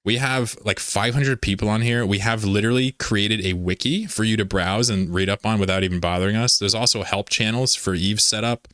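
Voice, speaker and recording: A man's voice: on the low side, a little fast, few pauses, fairly bright tone, dry recording, clean studio sound. A man hosting a casual livestream, rambling, laughing often and reading chat messages aloud. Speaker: livestream host.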